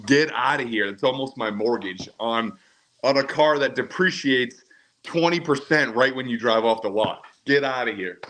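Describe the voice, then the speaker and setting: A man's voice: medium pitch, normal speed, a bit bright, rough recording. A man from Maine calling in to a podcast, chatting in an easygoing, rambling way. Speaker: caller. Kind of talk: casual call-in chat.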